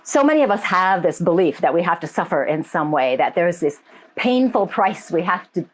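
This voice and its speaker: Middle-aged lady host, kinda low voice, chatty spiritual talk, greets folks by name. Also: big pitch swings, normal speed. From United States. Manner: chatty, greets viewers by name, laughs easily. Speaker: radio show host, medium and life coach. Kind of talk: casual spiritual talk to a live audience.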